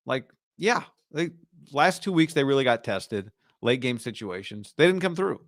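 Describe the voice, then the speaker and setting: A man's voice: mid-range voice, animated, normal speed, fairly bright tone, no echo, studio quality. A man hosting a sports talk show, giving casual, emphatic commentary and repeating lines for punch.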